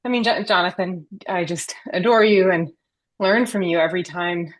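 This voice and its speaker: A woman's voice: lowish voice, moderate pace. Breathless woman on a treadmill. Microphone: video call, camera off.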